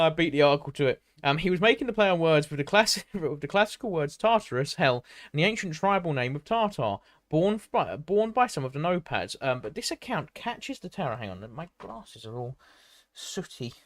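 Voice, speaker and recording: In studio-quality audio with no echo, a man livestreams himself reading a history article aloud in a fairly high, lively voice at normal speed. He restarts often, makes asides, and stops to chat with and answer viewers in the live chat.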